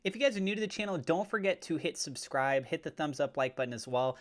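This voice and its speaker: A man hosting his own cryptocurrency channel, chatting casually and getting excitable as he watches prices move. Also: fairly high pitch, fast. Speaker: crypto YouTuber. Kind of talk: casual commentary to camera.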